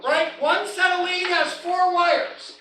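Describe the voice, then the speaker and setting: A woman's voice: extremely high pitch, steady tone, takes it slowly. A woman giving an equipment training class, stressing each step with emphatic instructions to the group. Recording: echoey room, mic far off, faint noise.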